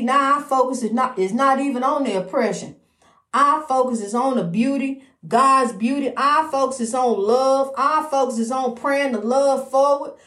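High-voiced woman preaching slowly, echoey room. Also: fairly bright tone. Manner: repetitive, preachy, calls listener "honey"; slow and drawn out, rising into sing-song. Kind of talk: faith-filled personal monologue.

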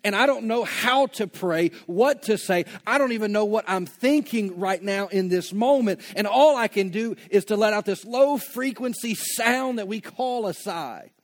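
A man preaching a sermon with passion, moving from hushed reflection to loud, rising appeals. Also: sits high, normal speed, few pauses. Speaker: pastor.

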